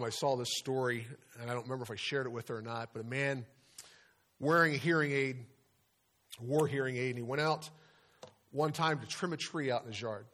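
A man's voice: mid-range voice, fairly bright tone. A middle-aged man preaching a sermon as pastor, earnest and conversational, weaving in personal stories.

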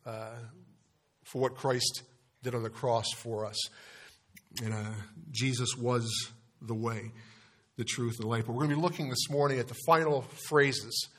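Man, pastor, sermon, earnest, restarts, soft prayer phrases, punched key words, mid-pitch voice. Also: fairly even intonation, moderate pace. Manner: earnest, with frequent restarts and fillers. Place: church sanctuary.

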